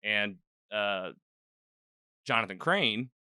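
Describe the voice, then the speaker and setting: Slow and lively in intonation, this podcast host's low voice is pushed, bright, clear, and resonant, recorded on his own mic in clean studio sound with no room tone. He casually rambles through an episode, saying "like" constantly and performing the characters' lines.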